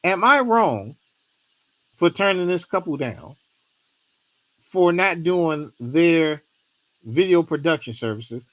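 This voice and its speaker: A man's voice: a little high, animated, slow pace, pauses often, a bit bright, dry recording. A man, talking casually on a livestream, rambling and pleading for comments, and cooing at his dog in between. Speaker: streamer.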